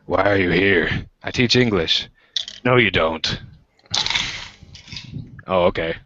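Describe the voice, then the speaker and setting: Young american guy telling a bar story on a stream, really deep voice, does the voices, kinda muffled audio. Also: takes it slowly. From United States. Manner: animated, acts out quoted voices with pitch jumps. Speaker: podcast co-host. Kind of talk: casual storytelling chat.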